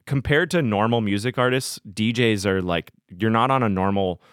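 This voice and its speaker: A man's voice: lowish voice, moderate pace, no room sound, studio quality. A man who tours as a DJ, chatting casually as a podcast guest and telling rambling, profane stories. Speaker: touring DJ guest.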